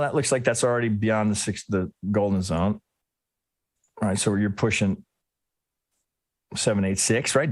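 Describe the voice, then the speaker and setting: A man's voice: lowish voice, no room sound. A man teaching a trading lesson while he analyzes a chart live. He thinks aloud in a casual way, restarts his sentences often and keeps asking "right?". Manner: casual, occasionally swears. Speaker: trading educator.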